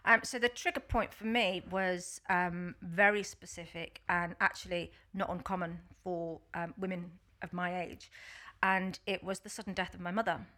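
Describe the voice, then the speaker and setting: A woman's voice: lowish voice, fairly even intonation, moderate pace, few pauses, sharp tone. A middle-aged woman with a Liverpool accent, chatting as an interview guest, with many fillers and a self-deprecating humour. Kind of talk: casual interview.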